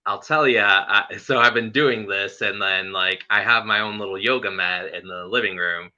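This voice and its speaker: A man's voice: lowish voice, normal speed, bright, forceful tone. A man hosting a casual interview chat, rambling with lots of fillers and laughing often as he talks. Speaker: host. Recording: muffled lo-fi audio.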